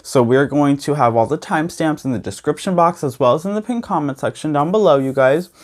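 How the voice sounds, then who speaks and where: A man's voice: on the high side, fairly quick. Chatty man with a slight lisp. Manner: bubbly, keeps saying "you guys" and "okay". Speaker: tarot reader. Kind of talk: chatty tarot vlog.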